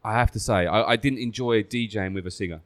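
A man's voice: on the low side, brisk, fairly bright tone, no echo. Joking man hosting a chat. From Essex, England. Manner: chatty, joking, leads the questions. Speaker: podcast host. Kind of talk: casual chat.

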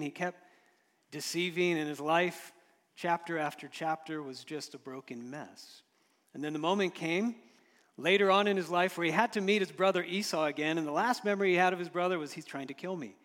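Male pastor, slightly high voice, sermon delivery, big hall reverb. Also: fairly quick. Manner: storytelling, rises and drops in loudness, occasional chuckles.

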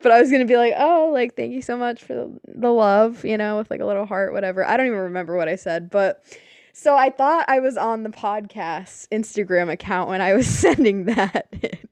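A young woman co-hosting a podcast in casual chat, animated, swearing and laughing often. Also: medium pitch, brisk, no room sound. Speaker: podcast co-host.

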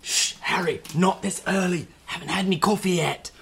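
A man voicing a stuffy, groggy male professor, prim and hushing. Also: sits high, normal speed, gravelly, slightly rough, pitched above the performer's own voice, heavily acted.

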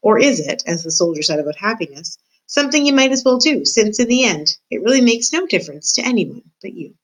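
A woman's voice: medium pitch, big pitch swings, a little fast, low-quality recording. Woman, student reader, children's novel, narration, direct address. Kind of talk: reading a children's novel aloud.

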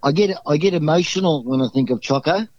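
A man's voice: on the high side, fast talker, darkish tone, no room sound, lo-fi sound. An Australian man talking as a podcast guest, telling rambling, exuberant stories full of restarts. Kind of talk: casual storytelling.

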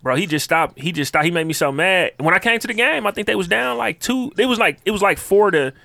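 A man's voice: high voice, expressive, fast talker, gravelly, pushed and bright, no echo. A man in his thirties, a podcast co-host, telling laid-back, slangy stories in casual chat. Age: 30s.

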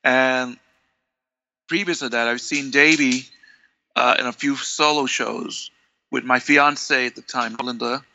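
A man, an interview guest telling animated stories and acting out the dialogue. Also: medium pitch, measured pace, vocal fry, muffled recording. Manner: animated, acts out quoted dialogue, many restarts. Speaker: interview guest, longtime fan. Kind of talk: conversational storytelling.

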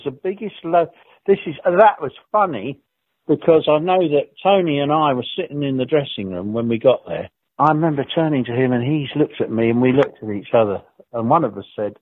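A man's voice: a little high, slightly rough, no room sound. Chuckling man on a tinny line. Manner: rambling, chuckling, with frequent restarts. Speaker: former co-star and guest. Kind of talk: anecdotal reminiscing.

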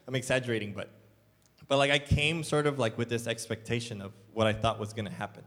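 A young adult man, a church elder, preaches a sermon in a church hall, telling it like a loose, casual story packed with "like"s and other fillers. His mid-range voice is a bit bright and he talks fast. The recording carries a long hall reverb.

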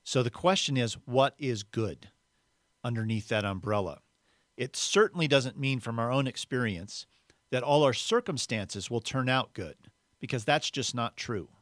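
Guy giving a laid-back sermon, earnest, mid pitch, dry close sound. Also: lively intonation, normal speed, a bit bright, dry recording. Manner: earnest, conversational, acts out the quoted voices. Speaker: preacher.

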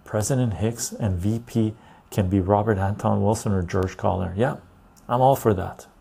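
A low-pitched man with a dark, rough, fry-edged voice hosts a casual talk show. He tells stories and rants bluntly, often tagging his points with "right?". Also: normal speed. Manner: blunt, ranting, loose storytelling with frequent "right?". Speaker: podcast host.

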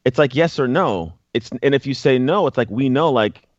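A man's voice: mid-range voice, animated, moderate pace, no room sound, lo-fi sound. A man guest speaking earnestly in a casual conversation, often repeating words as he thinks. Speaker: guest, former pro football player and author.

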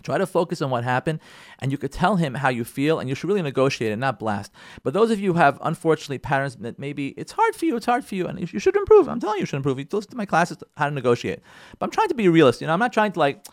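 A rabbi giving a marriage lesson in a fairly high voice, recorded close and dry with no room sound. He drives points home by repeating them and pleads with listeners directly. He swings from loud emphatic bursts to quiet asides. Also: wildly swooping pitch, rapid-fire, dry recording. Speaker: rabbi teaching a marriage class. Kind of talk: marriage advice lecture.

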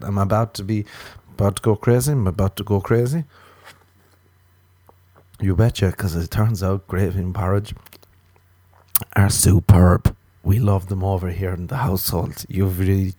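A male comedian with a lowish, mellow voice rambling through an absurd improvised bit. He jumps into squeaky, exaggerated outbursts now and then. The sound is close and dry. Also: dry recording. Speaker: stand-up comedian. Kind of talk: rambling improvised comic monologue to listeners.

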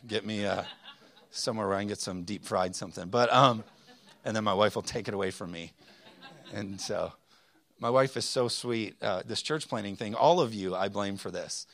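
This is a pastor, a man in his thirties, whose fairly low voice carries a slight brightness. Mid-sermon, he recounts something from his own life, rambling along with lots of fillers, false starts, and self-mocking remarks.

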